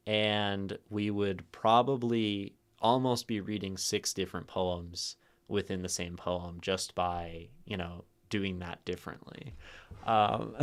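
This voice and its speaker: Very low, dry-voiced man musing on poetry. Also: no echo. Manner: musing, thinks aloud with many fillers; rereads lines with shifting inflection. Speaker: livestream host analyzing poetry. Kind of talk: casual livestream commentary.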